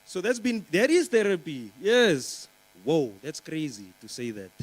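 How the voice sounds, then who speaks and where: A young man working a stand-up set on a conference stage, his voice sitting a little high for a man. He rambles along with plenty of "um" and "you know," teasing the audience between jokes. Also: very animated, measured pace, rough recording. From Namibia. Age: young adult. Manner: chatty, rambling, teasing the crowd with lots of fillers. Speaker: stand-up comedian.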